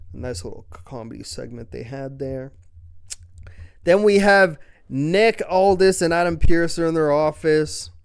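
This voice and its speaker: Smooth-voiced man rambling a casual recap. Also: fairly high pitch. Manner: rambling, filler-heavy, swears casually. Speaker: wrestling show reviewer.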